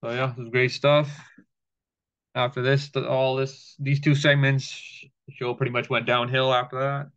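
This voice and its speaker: A man recaps a wrestling episode in a relaxed, offhand way, dropping profanity and reciting lines as he goes. His voice is smooth and clear but stays fairly flat in pitch. The recording sounds a little muffled and lo-fi. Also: moderate pace. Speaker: wrestling show reviewer. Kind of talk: casual show recap.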